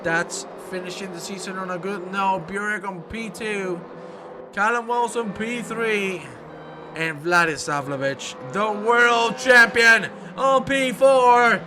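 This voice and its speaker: Excitable high-voiced male race commentator. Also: measured pace. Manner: excitable, emotional, exclamations. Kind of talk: sim racing commentary. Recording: noisy with engine sounds behind. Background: racing car engines.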